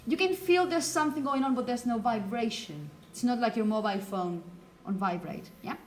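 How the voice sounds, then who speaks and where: A teacher from Spain, a native Spanish speaker with a Spanish accent, gives an explanatory phonetics lecture in a classroom, often checking in with "okay?". Her voice is fairly high with lively intonation and a moderate pace, over slight background noise.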